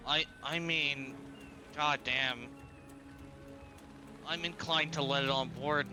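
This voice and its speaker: A man playing in a tabletop role-playing game, eager and quick to argue the game rules. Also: on the high side, steady tone, over music. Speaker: player. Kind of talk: casual tabletop game chat.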